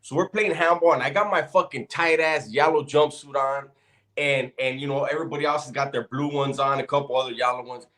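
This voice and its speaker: A man's voice: medium pitch, steady tone, a little fast, a bit bright. A man telling a prison story in casual, profane chat, building up to the punchline. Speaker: podcast co-host.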